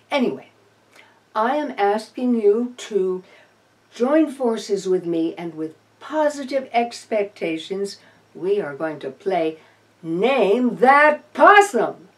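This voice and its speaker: A woman speaks in an unhurried, wry home-video chat, her voice rising and falling freely. She teases the audience and turns tender when she talks to her little companion. The mic sits some distance from her. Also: a little high, a little mellow. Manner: dry playful humor, coos tenderly to her opossum. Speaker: opossum rescuer and vlogger. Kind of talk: casual chat to camera.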